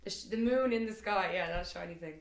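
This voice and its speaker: A woman's voice: mid-range voice, fast. A young Irish woman hosting a casual language lesson, asking eager, curious questions. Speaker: host and Irish teacher. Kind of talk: casual explanatory chat. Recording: roomy echo.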